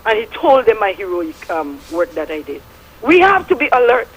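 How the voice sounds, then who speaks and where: A woman's voice: medium pitch, very animated, moderate pace, husky, low-quality recording. A middle-aged woman with a Statian Caribbean English accent, calling in to a radio show and giving fervent, preachy testimony with biblical references. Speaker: radio caller. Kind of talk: impassioned call-in testimony.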